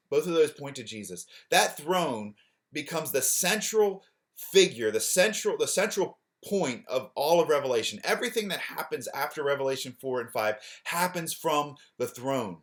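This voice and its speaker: A male pastor giving an earnest sermon, often repeating words and dropping soft and low on key phrases.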